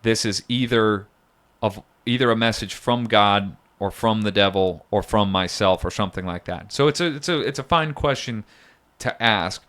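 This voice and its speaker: A man's voice: on the low side, moderate pace, fairly bright tone. A man co-hosting a podcast in casual chat, rambling and jokey, often mocking himself. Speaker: podcast co-host.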